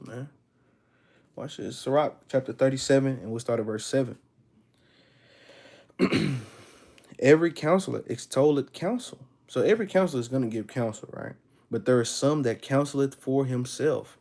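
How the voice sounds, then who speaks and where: A man leading a casual Bible study class, mixing laid-back slang with slow, emphatic scripture reading. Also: mid-range voice, darkish tone. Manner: laid-back slangy talk, calls listeners "man" and "sis"; reads verses aloud with slow emphasis.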